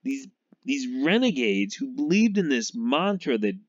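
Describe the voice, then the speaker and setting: In a very animated, measured delivery, this mid-range male voice rambles about football in a casual monologue. He's a sports fan vlogger from Massachusetts who laughs often and trails off mid-thought. No echo is present, and the recording is dull and lo-fi.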